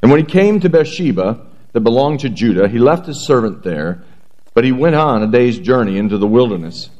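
A man preaching a sermon, reading scripture aloud in a measured, earnest way before praying and beginning his message. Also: mid-range voice, animated, a little mellow, lo-fi sound. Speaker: pastor.

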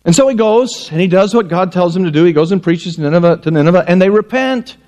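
Animated male pastor with lively, swooping pitch. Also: quick pace. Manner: animated storytelling, acting out voices with wide pitch swings. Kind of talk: sermon.

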